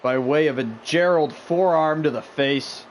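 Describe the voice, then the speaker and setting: A man's voice: fairly high pitch, a little slow, a little hiss or hum, low-quality recording. A man streaming a wrestling video game, calling the action in a bombastic mock announcer voice and bantering with the chat.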